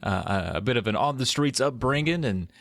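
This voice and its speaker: A man's voice: mid-range voice, lively intonation, fairly quick, dry recording, studio quality. A man co-hosting a podcast, chatting casually about a film with wry jokes and the odd mock accent. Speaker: podcast co-host. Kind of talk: casual movie recap chat.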